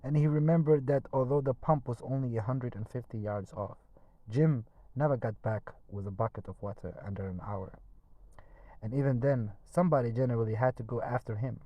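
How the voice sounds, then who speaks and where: Male audiobook reader, mid-range voice, steady unhurried storytelling, occasional stumbles. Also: medium pitch, no room sound, highs cut off. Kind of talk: reading a classic novel aloud.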